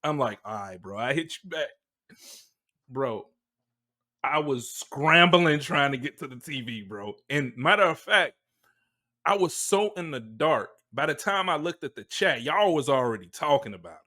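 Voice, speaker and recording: Co-host, man, relaxed and expressive, voice swings up and down. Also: fairly high pitch, moderate pace. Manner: laid-back, expressive, laughing storyteller. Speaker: podcast co-host. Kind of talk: casual chat.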